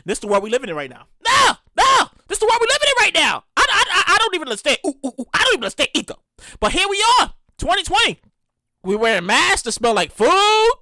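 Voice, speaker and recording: Animated New woman hosting a podcast. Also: very high-pitched, fast, dry recording. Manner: animated, loud, swearing, acts out customers and cashiers. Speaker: podcast host. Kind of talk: casual solo podcast commentary.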